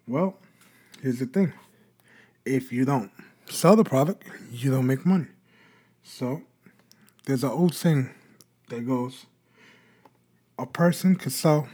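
A man's voice: mid-range voice, a little mellow, slightly rough. A man hosting a podcast, explaining in a casual talk and answering his own rhetorical questions. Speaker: podcast host.

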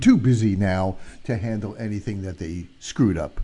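A man's voice: lowish voice, moderate pace, warm tone. A man co-hosting a radio talk show, chiming in with agreement and sarcastic remarks. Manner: agreeing interjections, sarcastic asides. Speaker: radio co-host.

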